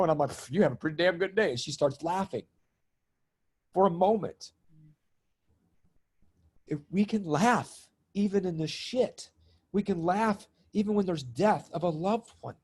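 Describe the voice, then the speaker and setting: A middle-aged man telling personal stories in conversation, lively and laughing often, acting out the voices of people in them. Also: a little high. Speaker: guest, spiritual comedian and healer. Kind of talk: animated storytelling in conversation.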